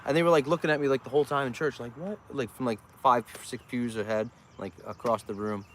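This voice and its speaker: A man's voice: mid-range voice, steady tone, fast, a bit bright. A man casually chatting on a livestream outdoors, joking and waving at passing traffic. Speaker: farm livestreamer. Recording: outdoor street noise, passing cars.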